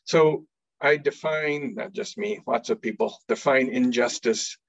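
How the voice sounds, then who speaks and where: A man's voice: medium pitch, measured pace, gravelly, no echo. A man giving an earnest faith-based talk as an organization leader, often repeating words as he starts a phrase. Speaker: executive director giving a talk. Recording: dull lo-fi recording.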